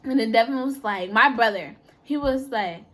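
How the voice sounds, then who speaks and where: A young woman with a high voice tells a story in casual chat. She talks in a lively way, laughing often and acting out the lines of other people. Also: normal speed.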